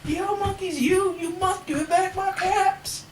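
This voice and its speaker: A woman voicing a cross male cap peddler, who scolds slowly and with emphasis, in an echoey room far from the mic with noise behind. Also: very high-pitched, a bit bright, pitched above the performer's own voice, heavily acted. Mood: scolding.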